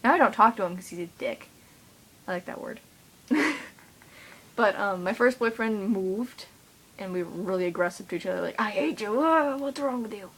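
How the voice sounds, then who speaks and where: A woman's voice: medium pitch, poor audio. Teen girl vlogging, rambly and giggly, does little voices for her friends. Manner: chatty, giggly, mimics friends in quoted voices. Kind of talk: rambling casual monologue.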